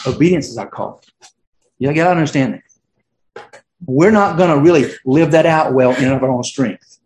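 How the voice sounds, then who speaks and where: A man's voice: fairly high pitch, brisk, a little mellow, a little hiss or hum. A middle-aged man preaching a sermon as pastor, casual and conversational, full of fillers and restarts. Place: church sanctuary. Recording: roomy church echo.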